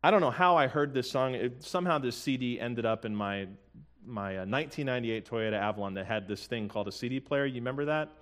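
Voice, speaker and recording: A man preaching a sermon in an earnest, conversational way, with joking asides and slowly sung hymn lines. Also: mid-range voice, a bit bright. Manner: sings hymn lyrics slowly. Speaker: pastor.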